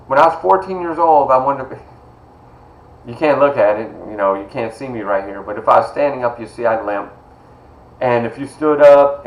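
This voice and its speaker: A man's voice: medium pitch, roomy sound, rough recording. A middle-aged man teaching an online college class, speaking in a personal, encouraging way and greeting students by name. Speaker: college instructor. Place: video call from home.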